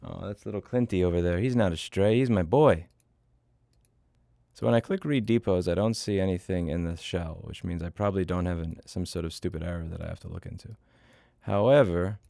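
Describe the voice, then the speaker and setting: A middle-aged man with a very low, gravelly voice talks casually on a coding livestream. He is blunt and swears freely, often muttering to himself. The sound is dry and close, with no room echo. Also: mellow. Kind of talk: casual livestream chat while programming.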